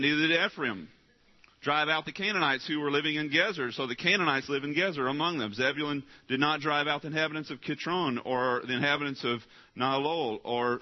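A man preaching a sermon, reading scripture and driving his points home, alternating loud rising pleas with quiet, low asides. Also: lo-fi sound. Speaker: pastor.

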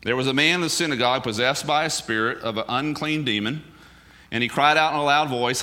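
A man's voice: mid-range voice, brisk, bright, forceful tone. A male pastor giving a sermon in an emphatic, conversational way, full of rhetorical questions.

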